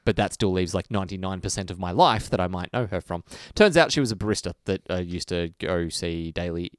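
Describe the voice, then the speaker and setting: A man's voice: low voice, brisk, clear, resonant tone, no echo, studio quality. A man with an Australian accent, co-hosting a podcast and telling a rambling story in casual chat. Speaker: podcast co-host.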